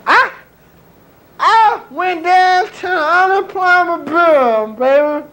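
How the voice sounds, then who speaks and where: A high, whining strung-out junkie, as a man acts him out in a stand-up routine. He drawls his complaints slowly, lets his voice break into sobs, then flares into shouts. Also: exaggerated voice, low-quality recording. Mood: self-pitying. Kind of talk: stand-up character bit.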